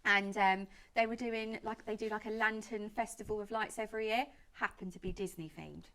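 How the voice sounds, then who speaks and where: A woman's voice: mid-range voice, steady tone, fairly quick, fairly bright tone. A woman in her late twenties, a guest make-up artist, telling a long story in casual chat with lots of fillers and quoted speech. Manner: chatty, lots of "like" and reported speech.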